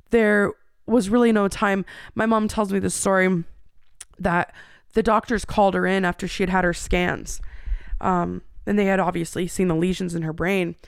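Candid woman with a gravelly, smooth voice. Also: mid-range voice, no room sound, clean studio sound. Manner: candid, rambling, frequent fillers and restarts. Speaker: podcast host. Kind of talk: personal storytelling monologue.

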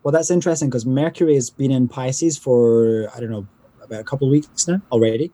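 A man chats easily as a guest. His voice is mellow and a little husky, and the sound is dry and close. He laughs often and swears casually. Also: mid-range voice, fast, no room sound. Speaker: podcast guest. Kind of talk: casual chat.

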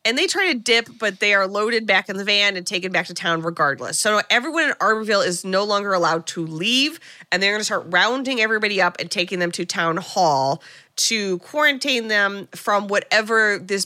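A woman co-hosting a podcast, casually recapping a movie plot and swearing freely as she acts out quick lines. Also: mid-range voice, animated, pushed and bright, dry recording, studio quality. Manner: retells scenes with quick quoted voices, swearing. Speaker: podcast co-host.

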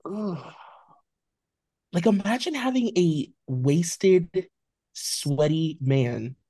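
A man's voice: on the high side, mellow, dry recording, clean studio sound. A man co-hosting a pop-culture podcast, talking emphatically and swearing as he rants. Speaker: podcast co-host. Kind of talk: casual pop-culture chat.

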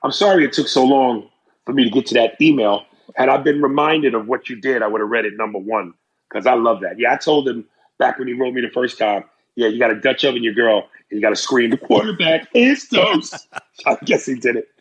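A man's voice: medium pitch, fast, highs cut off. A man hosting a casual podcast, ranting brashly and profanely about sports and comedy. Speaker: podcast host.

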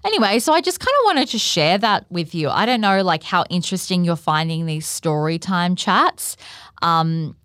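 A woman's voice: on the low side, lively intonation, normal speed, fairly bright tone, no echo, clean studio sound. A woman hosting a podcast, telling a personal story in a chatty way with lots of "like" fillers. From Australia. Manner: chatty, leans heavily on "like" fillers. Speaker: podcast host. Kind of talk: casual storytelling monologue.

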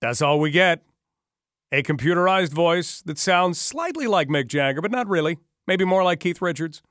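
A man's voice: on the high side, fairly bright tone, no room sound. A man hosting talk radio from a studio mic, conversational and wry, with dry sarcasm. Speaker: radio talk show host. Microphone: studio microphone.

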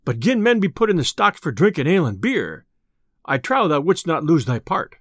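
A man voicing a gruff, boastful, hot-tempered tinker who speaks in old-fashioned English. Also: on the high side, sing-song, normal speed, fairly bright tone, no echo, studio quality. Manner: blustering, archaic speech.

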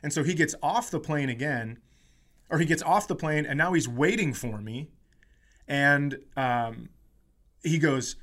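A man co-hosting a comedy podcast, telling a story in a casual, animated way and acting out the people in it. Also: medium pitch, unhurried. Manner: animated storyteller, acts out quotes, giggles. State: tired and hungover during the story.

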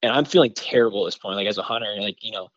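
A man from Michigan, a bowhunter guest on a podcast, tells a story in an excited, rambling way and packs his talk with "like" and "you know". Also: fairly low pitch, racing, no echo, lo-fi sound. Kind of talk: casual storytelling in a podcast interview.

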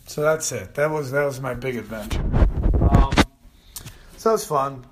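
A man doing a stand-up monologue, animated and loose, swearing casually and acting out shouted bits. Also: medium pitch, measured pace, heavy background noise. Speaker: stand-up comedian.

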